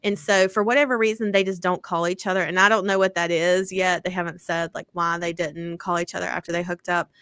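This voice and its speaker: A woman's voice: on the low side, flat delivery, a little fast, few pauses, fairly bright tone, smooth, dry recording. A woman co-hosting a podcast, chatting casually about romance books, with lots of fillers and casual swearing. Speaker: podcast co-host.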